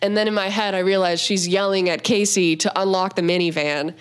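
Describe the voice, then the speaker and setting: A young woman from Montana telling stories in casual chat, laughing often and acting out quotes in a high voice. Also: steady tone, a little fast.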